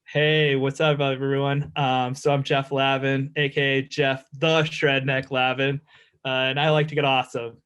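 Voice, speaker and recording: Laid-back rambling snowboarder dude. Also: male voice, mid-range voice, level tone, moderate pace, a bit bright, clear, resonant tone. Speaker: guest, professional snowboarder. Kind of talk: casual storytelling chat.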